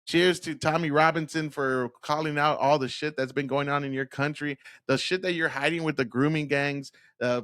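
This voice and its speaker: A man rants straight to camera in a heated, mocking tone, his voice sitting a bit high for a man. The sound is dry and close, with almost no room on it. He laughs a lot as he goes and curses freely. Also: a bit bright, no echo. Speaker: commentary video host. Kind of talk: profane reaction commentary.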